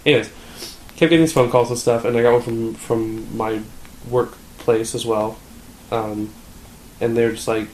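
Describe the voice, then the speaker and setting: A man's voice: mid-range voice, little pitch movement, normal speed, pauses often, a little mellow. A young man casually telling a rambling story, full of fillers and swearing. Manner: rambling, filler-heavy, profane. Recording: echoey room, faint background noise.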